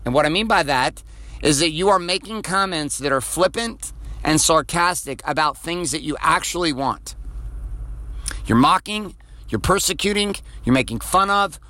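A man's voice: fairly high pitch, moderate pace, sharp tone. A man hosting a motivational podcast. He talks bluntly and profanely, repeats phrases for emphasis and drives his points home with rhetorical questions. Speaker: podcast host.

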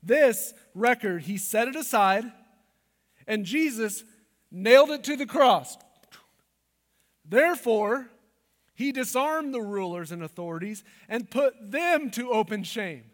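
A man preaching a sermon, dropping to hushed asides and rising to loud, emphatic declarations. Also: very high-pitched, animated, measured pace, pauses often, long reverb tail. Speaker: pastor.

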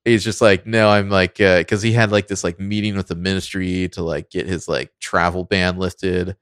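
Deep-voiced man in casual chat. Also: steady tone, moderate pace, a bit bright, no room sound, clean studio sound. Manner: loose and profane, heavy use of "like". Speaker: podcast co-host. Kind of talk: casual film review chat.

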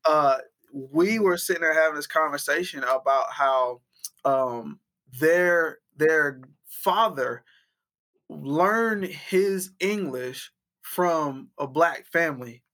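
A man from Florida joins a casual video call as a guest. He talks in a relaxed, slangy way with a bright, forceful tone and a slightly raised pitch. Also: takes it slowly. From Florida, USA.

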